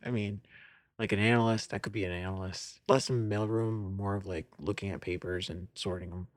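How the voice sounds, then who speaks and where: A nervous young dwarf stammers through every sentence, as a man plays him. His voice sits on the low side and sounds dry and close, with no room around it. He comes across flustered and unsure. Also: fairly even intonation, a little fast, no echo, lightly acted. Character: nervous young male dwarf new hire. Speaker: player. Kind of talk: tabletop role-play.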